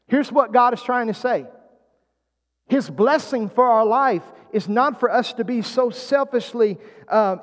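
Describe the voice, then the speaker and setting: A man preaching a sermon as pastor, drawing the congregation in with calls and questions. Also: extremely high pitch. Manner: preaching with call-and-response prompts. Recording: long hall reverb.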